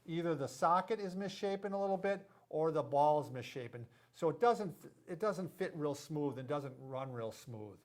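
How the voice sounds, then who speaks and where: A man's voice: fairly high pitch, expressive, moderate pace, hardly any pauses. A middle-aged man who is a physical therapist, hosting a casual, joking explainer and tripping over medical terms. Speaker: physical therapist, show host.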